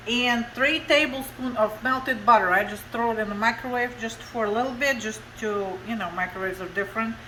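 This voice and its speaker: Slightly high and bright, her voice carries a forceful tone as she explains a home cooking demonstration step by step in broken English with a Russian accent. She's a cooking show host from Russia, filmed in her kitchen. The low-quality recording sounds roomy, with slight background noise.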